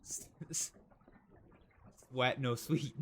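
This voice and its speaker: A man's voice: medium pitch, fairly even intonation, extremely slow, slight background noise. A man streaming a role-play game in casual livestream chat, rambling and restarting his sentences at a home desk mic. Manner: chatty, rambling, restarts and trails off often. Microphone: desk microphone.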